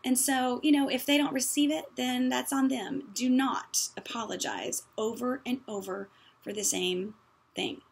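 A woman's voice: sits high, steady tone, measured pace, vocal fry, breathy edge. A woman giving a practical church-style talk in a conversational, folksy way, with many fillers. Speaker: speaker teaching on apologies.

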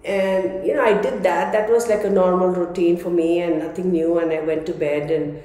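A woman's voice: on the low side, steady tone, normal speed, mellow. A woman chatting casually to camera as a tarot vlogger, stuffy and congested from a cold, saying "y'all" often. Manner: chatty, says "y'all" often, laughs between lines. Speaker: tarot reader and psychic vlogger. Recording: echoey room with long reverb.

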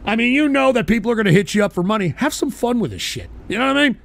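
A man hosting an internet radio show, delivering a profane, combative live rant. He keeps adding insistent tag questions and breaks into sudden shouted outbursts. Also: extremely high pitch, sing-song, rapid-fire, gravelly. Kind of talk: live-streamed ranting monologue.

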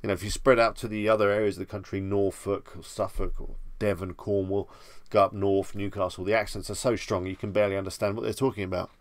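A relaxed English man with a Bedfordshire accent hosts a late-night live stream from home, answering viewers in an easygoing ramble. His voice sits low with a gravelly, fry-edged texture. The sound is close and dry, with no room echo. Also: fast talker, hardly any pauses. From England. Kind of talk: casual live stream chat.

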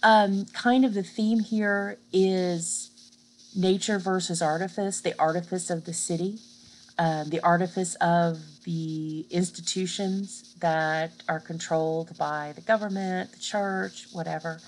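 Woman, lecturer, low-ish voice, casual explaining, keeps asking "right?". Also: steady tone, a little slow, slight background noise, poor audio. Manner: explanatory, checks in with frequent "right?"; casual teaching with fillers. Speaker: literature lecturer. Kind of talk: recorded online lecture over slides.

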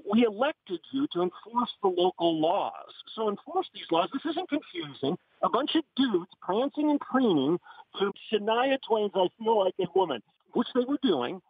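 Man, guest on talk radio, emphatic and indignant, animated pitch, husky. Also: no room sound. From Oklahoma. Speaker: guest commentator. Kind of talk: phone-in radio interview. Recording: tinny phone line.

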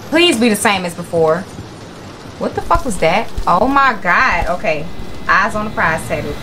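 A young woman commentating her horror gameplay, excitable and profane, with jumpy reactions. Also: mid-range voice, a little slow, a little hiss or hum. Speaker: gaming channel host. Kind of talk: live horror game commentary.

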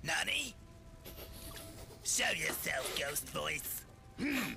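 A gravelly, menacing gunman. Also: a little high, very animated, drawn-out words, over music, full character voice. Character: menacing male gunman villain.

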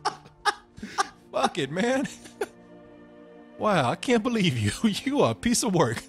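A man's voice: sits high, sing-song, slow, faint music behind. A man co-hosting a casual gaming chat, laughing often and trash-talking with profane, boisterous energy. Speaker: co-host playing a video game.

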